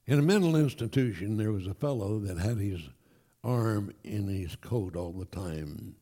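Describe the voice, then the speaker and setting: A man preaching a sermon to his congregation, emphatic and animated, with folksy asides. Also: lowish voice, measured pace. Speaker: pastor. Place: church.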